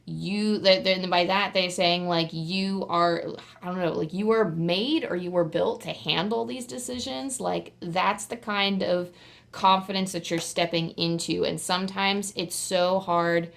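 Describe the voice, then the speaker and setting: A woman gives a casual pick-a-card tarot reading straight to camera, rambling chattily with lots of "like" fillers and occasional excited squeals. Her voice is on the low side and creaky, and she speaks unhurriedly.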